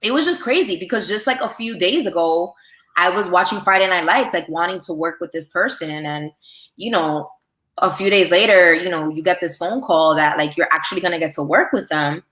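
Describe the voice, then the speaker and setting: Animated woman rambling through a story, lots of like and you know, bright voice, echoey room. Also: on the low side, brisk. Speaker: podcast guest. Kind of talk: casual storytelling.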